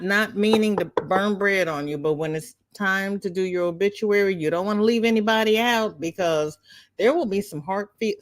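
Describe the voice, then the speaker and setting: Slow-talking older woman hosting a livestream. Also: medium pitch, a bit bright, no room sound, studio quality. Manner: chatty, reads viewer comments aloud, teasing. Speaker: livestream host. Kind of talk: casual livestream chat.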